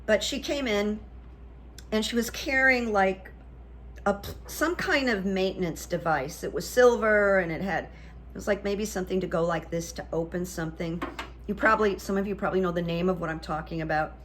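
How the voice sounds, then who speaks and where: A woman's voice: mid-range voice, moderate pace, a bit bright, a little hiss or hum. A woman hosting her own show, telling a casual story in a chatty, self-deprecating way with lots of fillers. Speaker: host.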